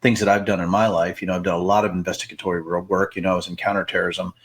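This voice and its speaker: A man co-hosting a podcast in casual chat, animated and jokey, his voice jumping up high when he gets worked up. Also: rapid-fire. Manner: animated, jokey, breaks into big pitch jumps. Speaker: podcast co-host.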